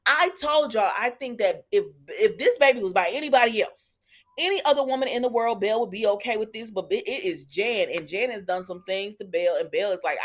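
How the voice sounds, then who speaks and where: With brisk delivery and lively intonation at a medium pitch, this woman recaps a soap episode for her audience in a relaxed, conversational way. She addresses them as y'all, walking through scenes and quoting what the characters said.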